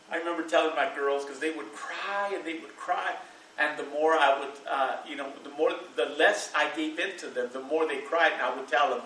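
A man's voice: a little high, normal speed, bright, forceful tone, echoey room, recorded from a distance, a little hiss or hum, rough recording. A middle-aged man preaching a sermon to a church congregation, in a loose, conversational way, with fillers and bursts of laughter. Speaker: pastor.

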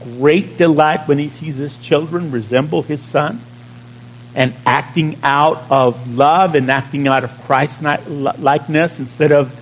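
A pastor preaching a sermon in a conversational way, stretching out key words and checking in with the congregation. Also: male voice, a little high, fairly even intonation, a little slow, a little hiss or hum, low-quality recording.

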